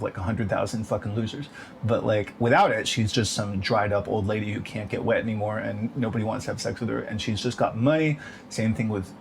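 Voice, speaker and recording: A man's voice: on the low side, darkish tone. Bitter, profane man ranting, noisy background. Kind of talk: ranting monologue.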